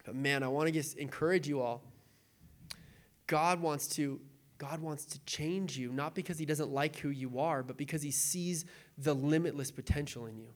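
A man's voice: fairly high pitch, fairly even intonation, normal speed. A young adult man preaching a sermon as a pastor, in a casual, conversational way with lots of fillers, sometimes turning tearful. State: tearful, voice breaking.

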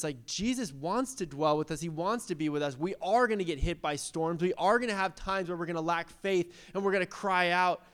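A man's voice: sits high, smooth. A young man preaching a casual, conversational sermon and asking the congregation questions. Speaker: pastor.

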